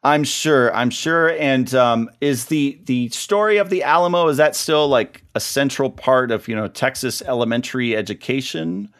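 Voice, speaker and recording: A man's voice: mid-range voice, moderate pace, hardly any pauses, fairly bright tone. A man hosting a podcast in a chatty, casual way. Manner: chatty, with fillers and restarts. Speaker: podcast host.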